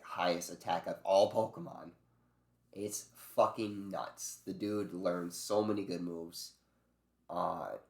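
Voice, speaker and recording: Deep-voiced man rambling casually in an echoey room. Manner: loose and profane, with many fillers and restarts. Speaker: video creator ranking game creatures.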